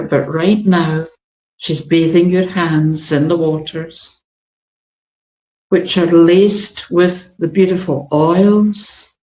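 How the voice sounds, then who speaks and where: A woman leading a guided meditation in a gentle, flowing way, with long pauses. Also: low-pitched. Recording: dull, echoey room recording.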